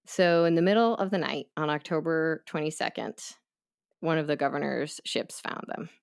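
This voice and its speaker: Brief: deep-pitched woman host, casual chatty storytelling, quick asides. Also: gravelly, clear, resonant tone. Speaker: podcast host.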